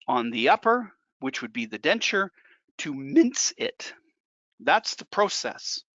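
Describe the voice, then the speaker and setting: A dental technician instructor walks through a hands-on demonstration, chatting casually and repeating key points for emphasis. His voice is medium-pitched with a sharp edge, and the recording is dry, dull and lo-fi.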